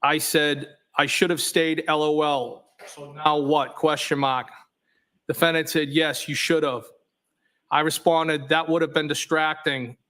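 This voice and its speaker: On the witness stand, a man reads a series of text messages out loud, one line at a time. His voice is slightly high for a man, and he speaks at a measured pace with a flat, methodical delivery.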